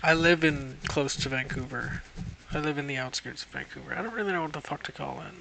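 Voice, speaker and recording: A man's voice: on the high side, brisk, gravelly, background noise. A young man chatting casually on a livestream, rambling and swearing constantly.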